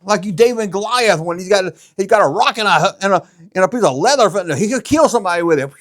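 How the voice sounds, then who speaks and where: A man's voice: high-pitched, expressive, fast, a bit bright. A middle-aged man hosting a casual show-and-tell vlog, rambling and joking as he goes. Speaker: YouTube collectibles host.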